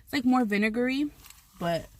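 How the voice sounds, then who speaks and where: A woman's voice: a little high, animated, moderate pace, a little mellow. Rambling, swearing woman vlogger. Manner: rambling, swears freely, many restarts. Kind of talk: storytime while eating on camera.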